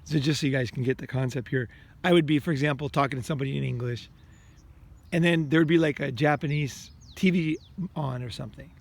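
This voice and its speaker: A man's voice: medium pitch, steady tone, fast talker. A man talking to his viewers in a casual, rambling monologue, blunt and emphatic, swearing often and restarting his sentences. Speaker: vlogger.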